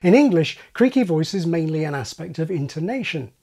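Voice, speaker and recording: A man narrates a scripted video essay with wry, explanatory delivery. His husky voice sits a little high and moves lively across its range. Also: a little fast.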